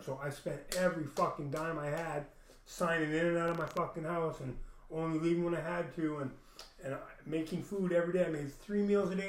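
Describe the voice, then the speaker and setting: A young man telling a long, rambling story full of swearing, restarting often and acting out what other people said. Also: on the high side. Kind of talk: casual storytelling rant. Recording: echoey room.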